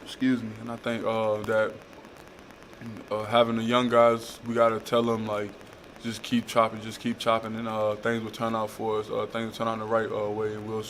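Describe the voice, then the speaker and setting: A young adult man who plays college football gives halting, flat press conference answers to reporters, filled with "uh" fillers. His voice is on the low side, and slight background noise is audible.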